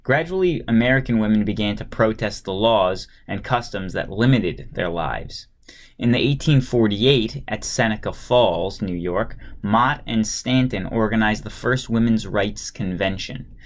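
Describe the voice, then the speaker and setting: A man with a lowish voice reads aloud from a history textbook at a steady, measured pace. Now and then he pauses for a casual aside, and sometimes he trips over a word and starts it again.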